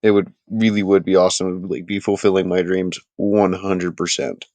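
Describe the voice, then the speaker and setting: A man hosting a casual live sports talk stream, chatting with his viewers and making animated, emphatic points. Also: low-pitched, fairly quick, no room sound.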